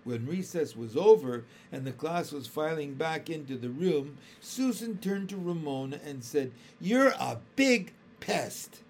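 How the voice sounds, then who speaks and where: A man reading a children's chapter book aloud in a calm, careful storytelling manner. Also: a little high, normal speed, few pauses, a little hiss or hum. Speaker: storybook reader.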